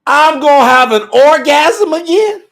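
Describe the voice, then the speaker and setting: A giddy old woman of ninety, disbelieving and teasing, as a man puts her on. Her voice rides high and leaps all over the place. She sounds like she can barely hold in a laugh. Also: expressive, a little slow, a bit bright, full character voice. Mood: giddy disbelief.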